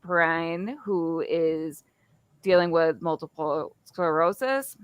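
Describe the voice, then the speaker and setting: A woman with a fairly low voice talks through details as a podcast co-host. She is chatty and trips over a word here and there. The sound is dry and close, with no room around it. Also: slow, smooth, no room sound, highs cut off. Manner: chatty, stumbles over words. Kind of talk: casual chat.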